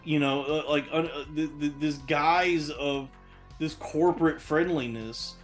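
A man's voice: fairly high pitch, fairly even intonation, unhurried, faint music behind. A man, a podcast host, telling a long casual story in a rambling, profane way, full of restarts and fillers.

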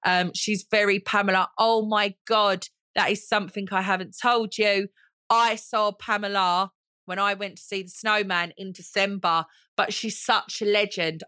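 A woman's voice: medium pitch, sharp tone, no echo, clean studio sound. A woman, hosting a chatty solo podcast in a gushing, theatrical way and calling listeners honey. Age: 40s. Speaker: podcast host.

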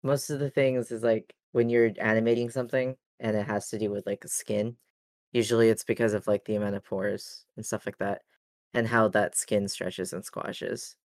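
A woman's voice: rumbling low, steady tone, moderate pace, a little mellow, dry recording. A woman co-hosting a podcast in casual chat, rambling and searching for her words as she explains. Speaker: podcast co-host.

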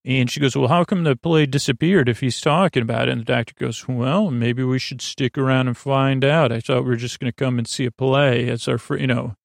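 A man with a gravelly, creaky voice, recorded close and dry, retells a story in a meandering way. He stumbles over words, restarts his sentences and paraphrases the characters' lines casually. The pitch sits in an ordinary middle range for a man. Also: steady tone, no room sound. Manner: halting, many fillers and restarts, quotes characters loosely. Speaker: podcast host retelling an episode.

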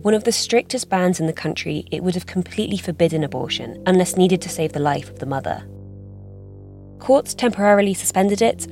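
A woman reporter giving scripted news narration in a measured, explanatory way. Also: on the low side, creaky, darkish tone.

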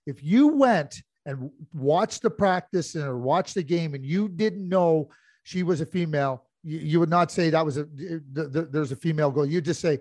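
A man's voice: fairly high pitch, normal speed, darkish tone, no room sound, clean studio sound. A middle-aged man co-hosting a casual hockey podcast, rambling with many restarts as he tells anecdotes. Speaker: podcast co-host.

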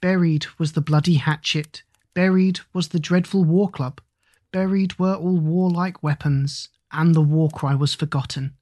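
An audiobook narrator reading epic verse in an even, rhythmic chanting cadence. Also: mid-range voice, a little slow, dry recording.

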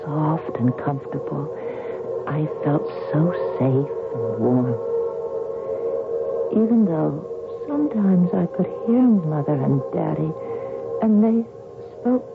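An actress playing a fragile, despairing woman narrating her childhood memories in a hushed, dreamy voice, in 1970s radio drama style. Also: sits low, lively intonation, slow, gravelly, long pauses, full character voice. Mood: wistful. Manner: hushed, dreamy, drifting into whispers. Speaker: narrator of the story. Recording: tinny 1970s radio broadcast over music.

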